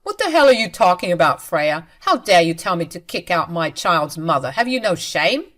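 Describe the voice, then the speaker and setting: A woman's voice: on the low side, sing-song, normal speed, a bit bright. A woman voicing an angry, controlling husband who speaks in a harsh, commanding way in a storytelling reading.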